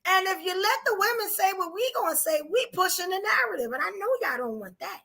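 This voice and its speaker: New woman podcast host, high, bright, edgy voice, animated casual talk. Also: fast talker. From New York. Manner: animated, rhetorical "you know what I'm saying". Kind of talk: casual live podcast chat.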